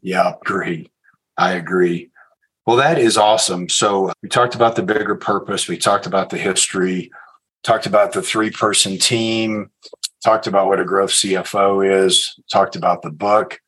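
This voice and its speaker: Deep husky-voiced male host. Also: fairly even intonation, fairly bright tone, rough recording. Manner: measured, affirming. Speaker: podcast host. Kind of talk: interview questions and wrap-up.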